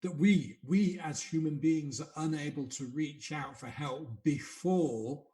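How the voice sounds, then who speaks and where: Man hosting a podcast, slightly higher voice. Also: measured pace, dark tone. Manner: reflective, consoling. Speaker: podcast host. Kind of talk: podcast interview.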